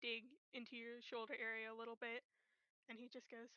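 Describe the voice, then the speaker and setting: A woman's voice: a little high, completely flat delivery, brisk, bright, forceful tone, clear, resonant tone, dry recording. A woman casually narrating her character in a tabletop role-play, rambling and correcting herself as she goes. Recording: dull lo-fi, dry.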